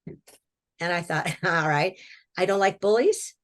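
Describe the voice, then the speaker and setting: A woman's voice: on the low side, slow. A woman from Washington state telling her own story as an interview guest, in a folksy, plainspoken way with repeated words and short laughs. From Washington state, USA. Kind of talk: personal storytelling, recounting a near-death experience.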